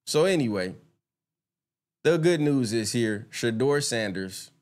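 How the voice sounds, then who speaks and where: A man's voice: mid-range voice, expressive, takes it slowly. A man doing casual live-stream commentary, talking straight to his viewers, swearing freely and getting heated and indignant when he rants.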